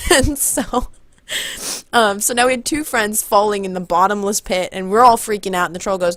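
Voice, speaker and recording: A young woman telling a story in a casual vlog, excited and rambling, often backtracking to fix the order of events. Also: fairly high pitch, fairly quick, dry recording. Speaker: vlogger.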